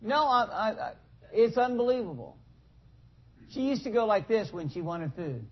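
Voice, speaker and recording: A man's voice: high-pitched, very animated, moderate pace, breathy edge. A man preaching a conversational sermon to a church congregation, asking them questions and acting out little scenes. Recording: dull lo-fi sound.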